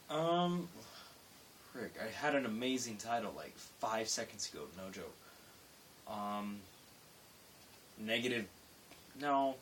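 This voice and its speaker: A young man vlogging late at night rambles through a story from work, interrupting himself and throwing in loud, acted-out quotes. His voice is on the low side. The mic is distant, with faint hiss, and he's slightly off-mic.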